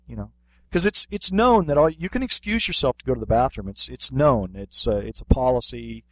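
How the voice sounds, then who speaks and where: A man's voice: mid-range voice, brisk. A man co-hosting a podcast, telling a funny story in casual chat with lots of fillers and restarts. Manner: animated anecdote telling with many fillers. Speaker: podcast co-host, martial arts instructor.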